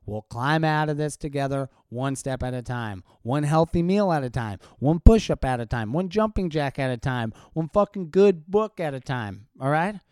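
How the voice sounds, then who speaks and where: A man's voice: fairly high pitch, animated, moderate pace, hardly any pauses, darkish tone, smooth, dry recording, studio quality. A man hosting a podcast, ranting casually with lots of swearing and short laughs. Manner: profane, sardonic rant with frequent laughs. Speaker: podcast host and stand-up comedian.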